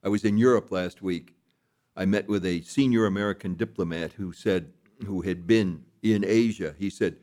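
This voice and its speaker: A man with a somewhat low voice speaks as an interview guest. He tells his stories gravely and with emphasis, stressing each point. His tone is serious. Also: moderate pace, dark tone. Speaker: foundation leader, guest. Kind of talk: interview discussion.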